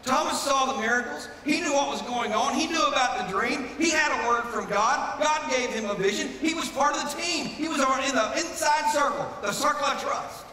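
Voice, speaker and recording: A male pastor delivers a sermon with a bright, high-pitched voice that swells into fervent, repeated refrains. He is picked up from some distance, so his words ring through the long reverb of a church hall. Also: normal speed, few pauses, a little hiss or hum. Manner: preaching with rising fervor and repeated refrains. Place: church sanctuary. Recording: echoey hall, mic from a distance.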